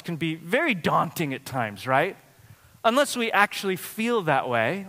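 A man's voice: on the high side, bright, forceful tone, big-room sound. A man preaching a sermon as pastor, telling stories in a conversational way with plenty of fillers. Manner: conversational, storytelling with frequent fillers.

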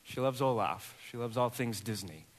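A man in his thirties, a pastor, preaching a sermon and telling a personal story with lively, acted-out dialogue. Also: medium pitch, moderate pace, long reverb tail. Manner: animated storyteller, acts out voices in quoted dialogue.

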